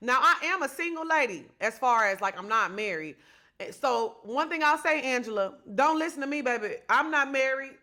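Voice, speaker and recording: A woman's voice: high voice, expressive, normal speed, bright, forceful tone. A woman hosting her own podcast, giving chatty, sassy gossip commentary and talking straight to her listeners. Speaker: podcast host. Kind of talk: solo reality-TV gossip commentary.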